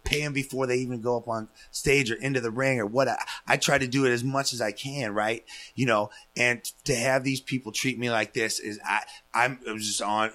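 A man casually telling a long story on a podcast, swearing freely and acting out what people said. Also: mid-range voice. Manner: profane, animated, acts out quotes. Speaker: guest storyteller.

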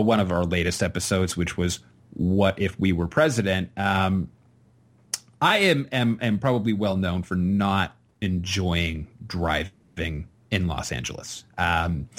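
A young man co-hosting a podcast, listing pet peeves in a sardonic, swearing casual rant full of fillers. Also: on the low side. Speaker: podcast co-host. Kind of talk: casual ranting podcast chat.

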